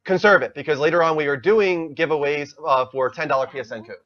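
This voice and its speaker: A man hosting a casual gaming podcast, reading out announcements in a brisk announcer style. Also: a little high. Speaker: host. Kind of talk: casual livestream podcast chat. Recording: dull lo-fi stream audio.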